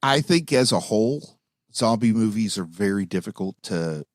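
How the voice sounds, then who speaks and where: Low-voiced man joking about movies. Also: expressive, normal speed, no room sound, clean studio sound. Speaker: podcast co-host. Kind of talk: casual movie discussion.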